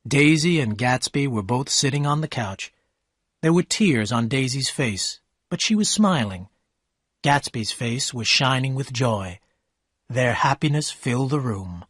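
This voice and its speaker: A man reading a story aloud for English learners, in slow, clear, even scripted narration. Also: medium pitch, no echo, clean studio sound.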